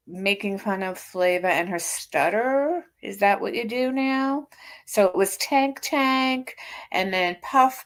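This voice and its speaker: A woman in her fifties talks through a casual livestream in a mid-pitched voice. She reads a critic's posts aloud and answers them with blunt, sarcastic, mocking asides. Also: clean tone. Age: 50s. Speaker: livestream host. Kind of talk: casual reaction stream.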